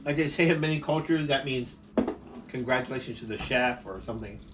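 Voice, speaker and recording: Seated at his dining table at home, a man chats through a casual mukbang for his food vlog, speaking fairly quickly in a mid-range voice. He's playful, talkative, and laughs a lot. The recording, made on a distant camera mic, has faint noise.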